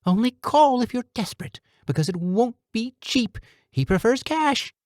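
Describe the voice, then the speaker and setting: A man voicing a meek, polite character who talks on the phone in a high, nasal voice. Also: animated, a little mellow, no room sound, clean studio sound. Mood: urgent. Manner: fast, eager, high-pitched customer-service voice. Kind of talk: audiobook character voice.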